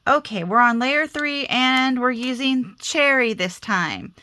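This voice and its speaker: A woman's voice: high voice, takes it slowly, sharp tone. Chatty woman with a slight Southern accent. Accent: slight Southern American. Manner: chatty, self-deprecating, talks to herself while working. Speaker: crafting video host. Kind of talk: casual crafting tutorial.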